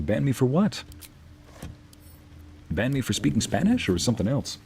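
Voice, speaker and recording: A man's voice: mid-range voice, sing-song, normal speed, gravelly, long pauses, darkish tone, a little hiss or hum. A man streaming a video game, chatting casually with viewers and answering their messages, sometimes slipping into Spanish phrases. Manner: chatty, reads and answers chat aloud, drops into Spanish phrases.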